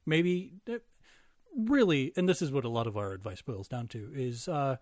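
A man's voice: medium pitch, lively intonation, moderate pace, a little mellow, no echo, clean studio sound. A man co-hosting a casual comedy podcast, wry and self-deprecating, making puns. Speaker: podcast co-host.

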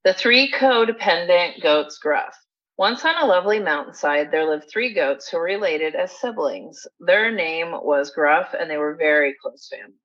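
Bright-toned woman narrating a story. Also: lowish voice, lively intonation, moderate pace. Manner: dry, mock-formal storytelling. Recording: dull lo-fi recording.

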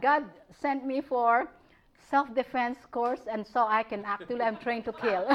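A woman giving a public lecture, telling stories from her practice in an animated way, often breaking into laughter. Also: sits high, measured pace. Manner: animated storytelling, frequent laughter. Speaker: guest speaker. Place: lecture hall.

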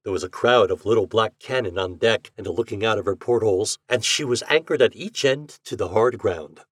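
A man reading a story aloud as a podcast narrator, with an expressive reading style. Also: lowish voice, brisk, no room sound, clean studio sound. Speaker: podcast reader.

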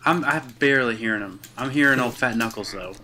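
A man's voice: medium pitch, quick pace. A man co-hosting a casual comedy podcast, amused and laughing easily. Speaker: podcast co-host. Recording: noisy line with clicks.

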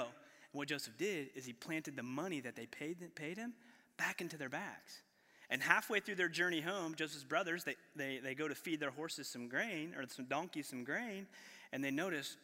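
A man delivers a sermon in a casual, energetic way, tossing in slang and restarting sentences as he goes. His voice sits high and sounds very bright. A long reverb trails behind him from the hall. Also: normal speed. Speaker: pastor. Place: church hall.

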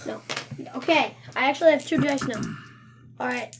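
A player in a tabletop role-playing game, eager and animated, who calls the game master Dad. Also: female voice, high voice, noisy background. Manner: eager, animated, quick to laugh. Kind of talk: casual game play.

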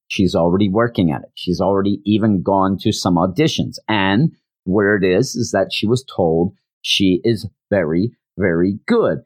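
A man casually recapping an anime episode, animated and acting out the characters' lines, with frequent restarts. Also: lowish voice, no room sound. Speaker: anime reviewer.

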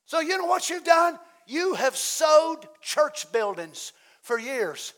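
A middle-aged man preaching a fiery sermon as pastor, swinging from hushed asides to loud shouting. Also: extremely high pitch, very animated, slow pace.

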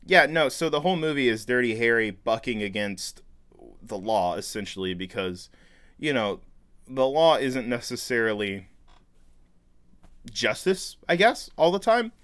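A man's voice: medium pitch, expressive, measured pace, fairly bright tone, no echo. A man hosting a podcast over a call, talking eagerly and earnestly about movies with many "you know"s. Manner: earnest, enthusiastic movie talk, frequent fillers. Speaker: podcast host. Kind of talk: casual chat.

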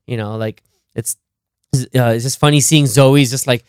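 A man co-hosting a casual movie podcast, retelling scenes in a rambling, animated way with lots of laughter. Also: mid-range voice, moderate pace, clear, resonant tone, no room sound, clean studio sound. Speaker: podcast co-host. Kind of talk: casual film-review chat.

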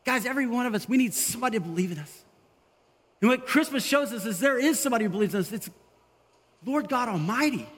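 A man delivers a sermon, his voice sitting high. He talks in an animated way and slips into the voices of the people he quotes. A long reverb from the hall trails each phrase. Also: fast. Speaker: pastor.

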